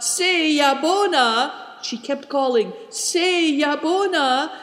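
Guy reading a kids adventure book aloud, high lively voice, echoey room. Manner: expressive, animated delivery. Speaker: narrator. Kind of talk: storybook reading. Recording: echoey room with long reverb.

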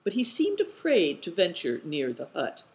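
An audiobook narrator reading an adventure tale. The delivery is measured and descriptive, and the pitch rises and falls expressively. The voice sits in a middle register. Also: wildly swooping pitch, poor audio.

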